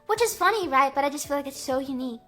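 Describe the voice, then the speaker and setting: A woman livestreamer with a very high, bright and crisp voice chats casually, rambling and joking with plenty of "like" and "um". Faint music plays softly underneath her talk. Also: lively intonation, racing. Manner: rambling, full of "like" and "um"; playful, jokey. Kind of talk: casual chat.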